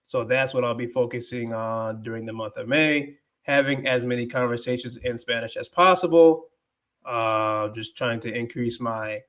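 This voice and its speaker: A man's voice: mid-range voice, a bit bright. A man hosting a casual livestream, thinking aloud as he talks about his language learning and drops in Spanish phrases.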